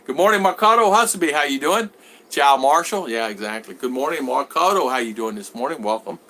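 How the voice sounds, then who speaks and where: Bright-voiced man chatting on a livestream. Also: medium pitch, animated, fairly quick. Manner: reads viewer comments aloud and answers them; rambling with many restarts and repeated words. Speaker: vlogger reading live chat. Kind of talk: casual livestream chat.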